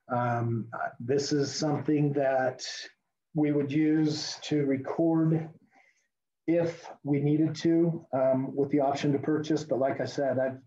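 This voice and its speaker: A middle-aged man leads a virtual class at a quick clip, moving steadily from one form to the next. His voice sits at an ordinary pitch. The call audio is a bit muffled and lo-fi. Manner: fast-talking, steady walk-through of forms. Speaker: real estate class instructor. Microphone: video call.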